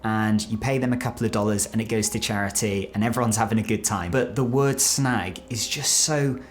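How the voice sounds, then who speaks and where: A British man presenting an explainer video, animated and playful, sometimes dropping to a low confiding voice. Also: fairly quick. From Britain. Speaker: presenter explaining Australian slang.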